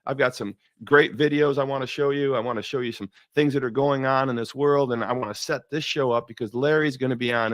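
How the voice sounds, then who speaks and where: A man hosting a faith-based talk show, telling stories in an animated way, often repeating words and laughing. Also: medium pitch, no room sound, clean studio sound. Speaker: show host.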